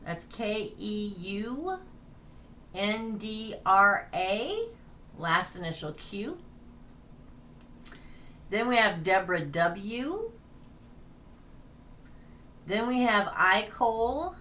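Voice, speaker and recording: Bright-voiced chatty woman tarot reader. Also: mid-range voice, very animated, extremely slow, pauses often, a little hiss or hum. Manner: chatty, laughing, reading names off a list. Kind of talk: casual livestream chat.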